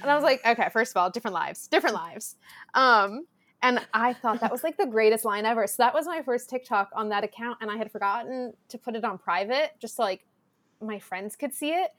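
A woman in her twenties, a podcast guest, telling animated family stories, laughing often and acting out quotes. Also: on the high side, a little fast. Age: 20s. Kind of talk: casual storytelling chat.

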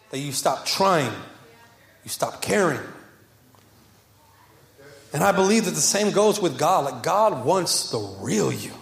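A young man, a pastor, preaching a passionate sermon to a congregation, repeating phrases and moving between fervent rises and soft, quiet passages. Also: fairly high pitch, roomy sound. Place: church sanctuary with congregation.

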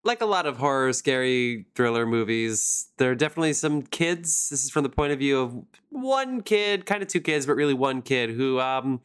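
A man's voice: mid-range voice, expressive, normal speed, few pauses, fairly bright tone, clean tone. A man hosting a podcast, casually chatting about a film with loose, swearing banter. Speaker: podcast host.

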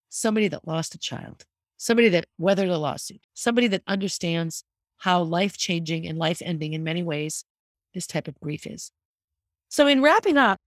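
A woman's voice: on the low side, no echo, clean studio sound. A middle-aged woman hosting a podcast, talking candidly and earnestly in a reflective monologue. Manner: candid and earnest, speaking openly about grief. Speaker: podcast host.

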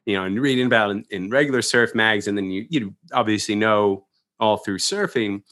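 A man's voice: on the low side, fairly quick. A man from Long Island in casual conversation, telling stories with frequent laughter. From Long Island, New York. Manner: laughs often, animated storytelling. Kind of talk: casual chat.

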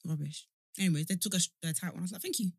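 A young woman co-hosting a podcast, quick and blunt in casual chat. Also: lowish voice, fairly even intonation, breathy edge, dry recording. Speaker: podcast co-host.

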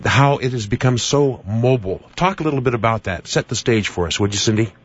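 A man with a slightly hoarse voice hosting a radio talk show and interviewing a guest in an affable way. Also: mid-range voice, animated, fairly quick. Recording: dull lo-fi radio recording.

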